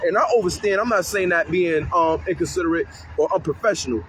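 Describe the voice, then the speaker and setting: A man's voice: fairly high pitch, fast, hardly any pauses, a bit bright, slight background noise, low-quality recording. A man who works with youth, talking casually and animatedly outdoors on a city street corner, swearing freely and acting out kids' voices. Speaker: community youth worker. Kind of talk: street interview talk.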